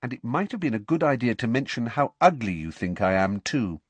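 A man's voice: mid-range voice, sing-song, fairly quick, slightly rough, no echo. A man voicing a clever teenage girl who explains things with a maddeningly patient air. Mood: patiently explaining. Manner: patient, lecturing.

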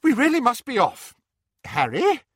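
A man voicing an excitable, flustered old wizard who talks in a bright, fussy way in a storybook reading. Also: very high-pitched, unhurried, husky, no room sound, clean studio sound, pitched above the performer's own voice, heavily acted. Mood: hurried.

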